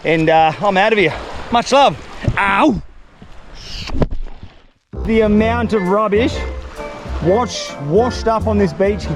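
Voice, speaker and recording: A man vlogging outdoors on a remote island beach, excitable, laughing often and swearing at himself. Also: high-pitched, unhurried, over music. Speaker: survival and fishing vlogger. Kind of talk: casual talk to camera outdoors.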